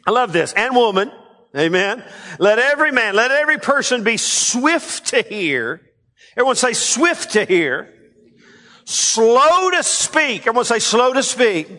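A male pastor preaching a sermon, leading the congregation in call-and-response and swinging between loud emphatic lines and quiet asides. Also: very high-pitched, sing-song, moderate pace. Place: church sanctuary. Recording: long hall reverb.

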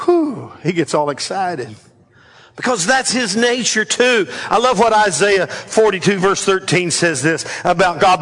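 Male preacher, emphatic rallying sermon, very high pitch, bright tense tone. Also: lively intonation, unhurried. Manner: fiery, emphatic, rallying with frequent exclamations.

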